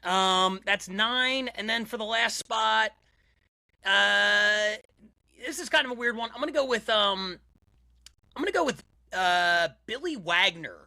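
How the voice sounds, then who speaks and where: A man's voice: sits high, lively intonation, a little slow, vocal fry, sharp tone, no echo, studio quality. A man hosting a casual chat, upbeat and full of fillers while he thinks. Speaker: podcast host.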